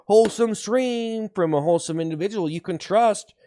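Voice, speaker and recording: A man hosts a live stream in a comic, mock-sincere hype style, with a voice on the high side. He repeats slogans and whoops loudly, then drops into slow, hushed earnestness.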